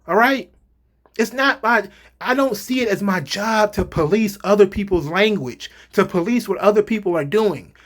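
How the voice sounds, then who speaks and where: A man's voice: sits high, a bit bright. A man in a heated, profane opinion rant as a vlogger, hammering his points with repeated emphasis. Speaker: wrestling commentator vlogger.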